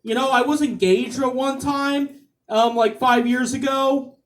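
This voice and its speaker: A male stand-up comedian working a club stage. He talks slowly, stumbling through repeated fillers and restarts between punchlines. The sound is live club audio with the mic at some distance. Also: very high voice. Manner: halting, with many repeated fillers.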